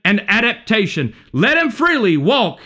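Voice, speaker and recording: A man's voice: sits high, big pitch swings, moderate pace, sharp tone. A man preaching a sermon, fervent and emphatic, repeating and stacking alliterative points, with many restarts.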